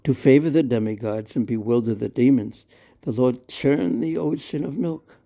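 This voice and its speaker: A man's voice: medium pitch, moderate pace, dark tone, lightly acted. A man voicing a loving mother who patiently explains and soothes her child. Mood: gentle.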